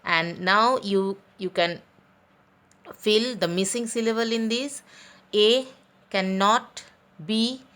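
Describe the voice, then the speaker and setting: A woman teaching an online class for young pupils, talking deliberately, spelling out letters and pausing with fillers. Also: medium pitch, a bit bright, smooth. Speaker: school teacher.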